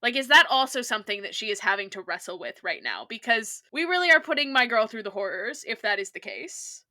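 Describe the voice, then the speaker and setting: Recapping a TV episode with enthusiasm, this woman co-hosts a podcast, chatty and saying "like" constantly. Her voice is a little high with a sharp tone, very animated and brisk.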